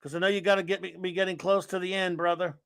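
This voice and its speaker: A man's voice: high voice, flat delivery, quick pace, fairly bright tone, clean tone, no echo. A man hosting a casual live stream, rambling and sarcastic as he greets viewers and rants. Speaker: host of a live stream chat.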